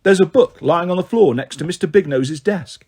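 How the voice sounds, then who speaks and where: A man reading a children's book aloud in a lively, expressive storytelling manner. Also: high voice, moderate pace, breathy edge.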